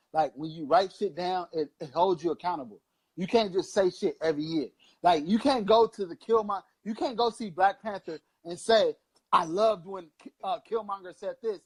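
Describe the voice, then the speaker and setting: A man in his thirties from Long Beach, California co-hosts a casual political chat show, where he preaches passionately, profanely, and at rambling length. His voice is high with a darkish tone.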